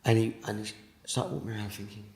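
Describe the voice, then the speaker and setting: A man with a British accent giving an emotional personal testimony in an interview, halting and repeating words, sinking to a hush at the most intense moments. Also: fairly low pitch, little pitch movement, creaky, echoey room. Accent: British English. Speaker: interviewee telling his testimony.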